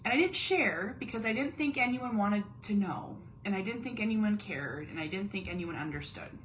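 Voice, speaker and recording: A woman in her thirties speaks straight to camera from her home in a candid, confiding monologue. Her voice sits at a middle pitch and turns earnest, sinking almost to a whisper on the painful parts. A faint low rumble hums underneath. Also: expressive, normal speed, poor audio. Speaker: mom vlogger and caregiver.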